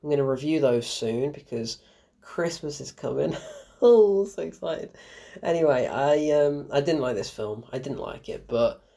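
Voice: mid-range voice, normal speed, gravelly, warm tone. A young adult film reviewer talking through a movie in a casual, rambling way, with sarcastic asides and plenty of fillers.

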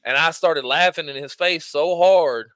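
A man in casual podcast chat, telling profane, animated stories about rude customers. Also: on the high side, a little slow, no echo. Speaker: podcast co-host.

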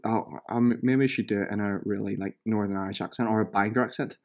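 A man's voice: on the low side, steady tone, quick pace, hardly any pauses, a little mellow. A man in his thirties hosting a casual solo podcast, chatting with lots of ums and sarcastically picking apart gym reviews. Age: 30s. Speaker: podcast host, fitness trainer.

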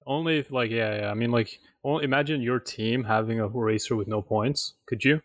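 A man's voice: mid-range voice, brisk, no echo, studio quality. A man co-hosting a casual racing podcast, laid-back, laughing easily and chiming in with short replies. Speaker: podcast co-host. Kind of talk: casual chat.

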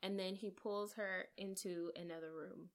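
A woman co-hosting a podcast, eagerly retelling a film plot in casual chat with quick asides. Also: medium pitch, fairly even intonation. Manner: enthusiastic, gushing storyteller with quick asides. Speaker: podcast co-host. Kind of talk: casual movie recap.

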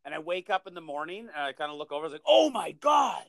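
A man's voice: on the high side, racing, a bit bright, no echo. A man hosting a podcast in casual chat, swearing and laughing as he rambles through stories. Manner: crude, laughing, rambling storyteller. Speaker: podcast host.

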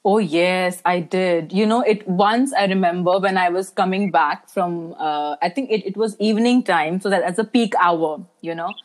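A woman's voice: lowish voice, moderate pace, few pauses. A young woman, a brand manager chatting as a guest on a podcast, laughing often and saying "you know" a lot. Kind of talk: casual podcast interview.

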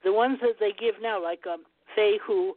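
A woman's voice: medium pitch, normal speed, slight background noise. Rambling woman on a tinny phone line. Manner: rambling, digressive, ends turns with "over". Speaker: guest rune scholar. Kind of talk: phone-in radio interview.

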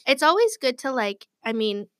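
Bright-voiced giggly young woman. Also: high-pitched, big pitch swings, normal speed, no room sound, studio quality. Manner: giggly, chatty, fills with "like". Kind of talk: casual chat.

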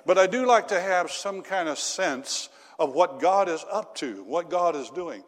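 A male pastor preaching in a folksy, storytelling way, with lots of fillers and questions to the congregation. His voice sits a little high for a man. Long reverb from a large church hall hangs behind every line. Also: expressive, measured pace. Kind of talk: sermon.

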